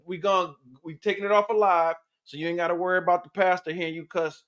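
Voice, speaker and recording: A man with a high, bright-sounding voice hosting a casual podcast chat. He talks loud and animated, swearing freely. He sounds like he's leading the show. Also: quick pace. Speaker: podcast host.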